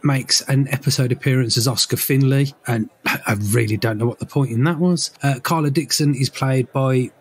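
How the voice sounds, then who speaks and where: A man's voice: medium pitch, normal speed. A man co-hosting a podcast in casual, teasing banter. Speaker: podcast co-host. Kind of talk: casual chat.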